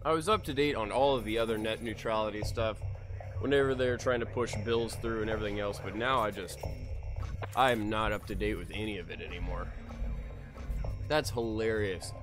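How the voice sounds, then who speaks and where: A man who is sick and low on energy gives live commentary on a racing game, excitable and swearing freely. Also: brisk, over music. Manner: excitable, swears freely, cheers during races. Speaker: video game streamer. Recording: noisy, with racing game sounds. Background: car engines and game sounds.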